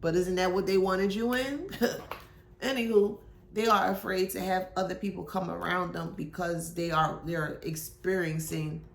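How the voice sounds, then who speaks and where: A woman's voice: on the low side, fairly even intonation, unhurried, vocal fry, reverberant. A woman doing a casual tarot reading, musing aloud in slangy speech with sudden exclamations. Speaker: tarot reader.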